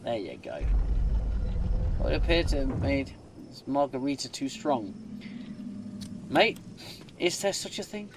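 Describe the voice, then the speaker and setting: A man talking over his gameplay in a relaxed, half-muttered way, drifting into silly sing-song phrases. His pace is unhurried and his pitch sits in a middle range, with a faint hiss of noise behind him. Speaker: gaming channel host. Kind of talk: casual let's-play commentary.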